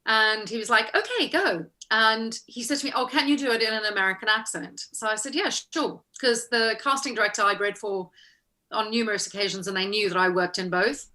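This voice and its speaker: Her voice is medium in pitch with fairly even intonation, a little fast, and pushed and bright. As a guest actress being interviewed, she chats casually through her stories, performing the lines people said and laughing a lot.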